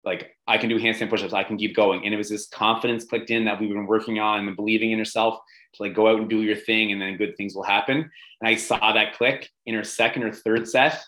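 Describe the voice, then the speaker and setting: A man's voice: on the low side, flat delivery, fairly quick, bright, forceful tone, poor audio. A man who coaches an athlete, talking casually and with enthusiasm in an interview, full of "um" and "like". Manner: enthusiastic, many fillers like "um" and "like".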